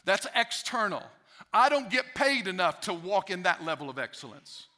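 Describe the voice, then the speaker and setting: A man's voice: high voice, very animated, normal speed, pushed and bright. A male pastor preaching a sermon emphatically, repeating key phrases for effect.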